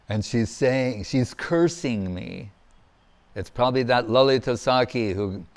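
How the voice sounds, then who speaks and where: A man giving a devotional lecture as a monk, telling scripture stories in an animated way and acting out the quotes. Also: medium pitch, clear, resonant tone. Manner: animated storyteller, acts out quotes with laughter. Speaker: monk giving a spiritual discourse.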